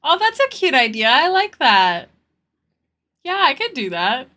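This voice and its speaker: A woman streamer chats casually with her viewers, her fairly high voice bright and sharp. Her pitch swings lively up and down, and she stutters now and then. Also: unhurried. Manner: chatty, thanks viewers and answers chat; stutters at times. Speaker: art streamer. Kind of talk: casual live-stream chat.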